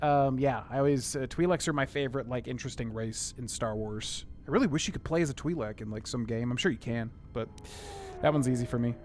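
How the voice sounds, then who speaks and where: A man's voice: mid-range voice, a little fast, a little hiss or hum. A young man casually chatting with viewers while streaming a game, rambling with many fillers. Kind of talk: casual gameplay commentary.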